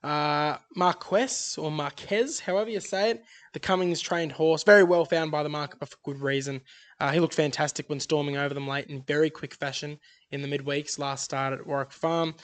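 A man's voice: on the high side, steady tone, a little fast. A man co-hosting a casual racing podcast, rattling off odds and form in an upbeat way. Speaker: podcast co-host tipping horse races. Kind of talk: casual racing tips chat.

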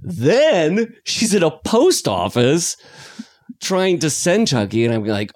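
Brief: chatty male podcast co-host, animated and rambling, dry booth sound. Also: slow pace, no echo. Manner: excitable, animated rambling with pitch jumps. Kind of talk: casual film review chat.

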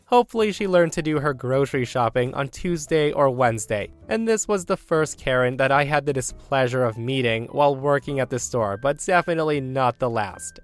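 A man hosting a channel, narrating reader stories in a casual, lively, chatty way and speaking to listeners as guys. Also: medium pitch, a little fast, hardly any pauses, faint music behind. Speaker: story narrator, channel host.

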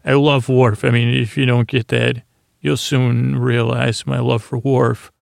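A man hosts a sleepy podcast with a gravelly voice. He rambles softly through a story recap and doubles back on himself often. His pitch barely moves, and the sound is close and dry. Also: level tone, a little slow, dry recording. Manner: meandering, full of fillers and restarts; soft, low-key delivery. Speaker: podcast host. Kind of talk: rambling bedtime episode recap.

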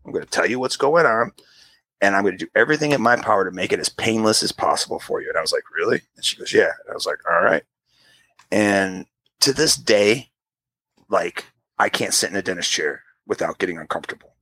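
A man's voice: brisk, breathy edge, dry recording. A man in his fifties telling a long personal story in casual chat, acting out the people in it. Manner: animated storyteller, jumps to high pitch for quoted voices.

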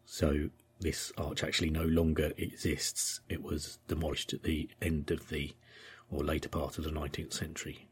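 Podcast host, English man; very deep and raspy, thoughtful and digressive. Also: monotone, normal speed. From England. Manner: thoughtful and digressive, with frequent ums and uhs. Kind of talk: informal history commentary.

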